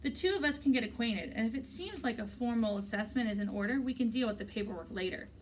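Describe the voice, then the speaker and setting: A woman voicing a friendly, brisk older resource teacher, her voice raised a little above her reading voice, a little off-mic. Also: fairly high pitch, recorded from a distance, slight background noise, lightly acted.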